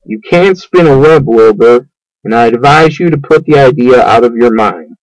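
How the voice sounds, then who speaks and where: A man voicing a wise, kind female spider who speaks calmly and patiently, reading a storybook aloud. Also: mid-range voice, moderate pace, dry recording, lo-fi sound, lightly acted. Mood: gentle. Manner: calm, patient, instructing.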